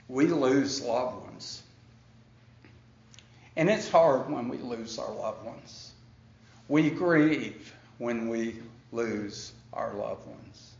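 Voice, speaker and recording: A man preaching a sermon with slow, emphatic delivery and dramatic pauses, now and then acting out his opponents in a high, incredulous voice. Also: echoey room, highs cut off. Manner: acts out the Pharisees in a high, incredulous voice. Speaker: pastor.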